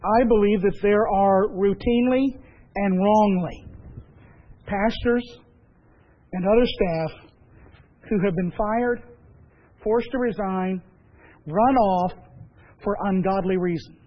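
A man preaching as pastor, emphatic and measured, with repeated phrases. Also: sits high, dull audio. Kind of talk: sermon.

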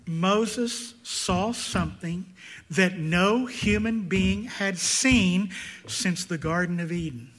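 A man preaching a sermon, swinging between loud emphatic peaks and hushed, intense passages. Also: high-pitched, takes it slowly. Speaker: pastor.

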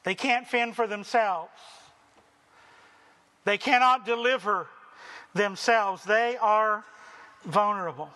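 High bright-voiced guy preaching a sermon real slow, lots of hall reverb. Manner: slow, deliberate preaching with dramatic voiced quotes. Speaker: pastor.

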